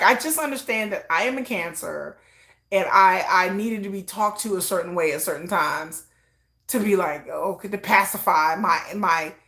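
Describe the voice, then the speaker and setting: Hosting a casual livestream chat, a middle-aged woman speaks in a mid-range, fairly bright voice. She rambles, laughs at herself, and takes on both voices in conversations she remembers.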